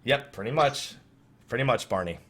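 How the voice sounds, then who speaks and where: A man's voice: mid-range voice, animated, moderate pace, fairly bright tone, breathy edge. A young man hosting a casual podcast. He tells an anecdote with animation, acts out quotes and laughs often. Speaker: podcast host.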